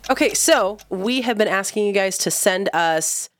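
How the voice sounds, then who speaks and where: A woman hosting a parenting podcast, talking in a lively, quick and joking way. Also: mid-range voice, no room sound. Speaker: podcast host. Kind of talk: casual chat.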